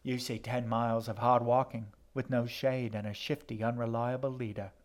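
A shifty, sardonic boy guide from a storybook, answering everything with dry sarcasm, as a man reads him. He stays near the reader's own mid-pitched voice, flat and unimpressed. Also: moderate pace, natural voice.

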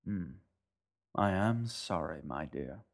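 A man voicing a tall, stern boatman who speaks in a grim, measured, formal way. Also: deep voice, expressive, voice pushed down, heavily acted.

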